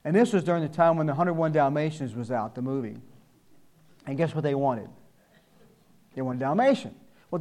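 A man's voice: medium pitch, warm tone. An older man giving a sermon, telling folksy personal stories and acting out the people he quotes. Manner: folksy storytelling, acts out quoted voices. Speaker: church speaker.

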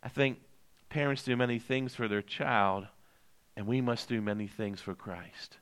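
A man preaching a sermon as pastor, slowing down on scripture quotes and swinging between loud emphatic lines and low, quiet ones. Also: smooth. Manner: slows down to stress scripture quotes.

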